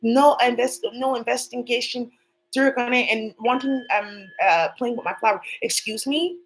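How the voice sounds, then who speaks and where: A woman's voice: a little high, low-quality recording. A woman hosting her own channel, speaking in a rambling, profane, off-the-cuff monologue and addressing people who are not there. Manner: rapid, profane, talks to unseen people. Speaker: channel host.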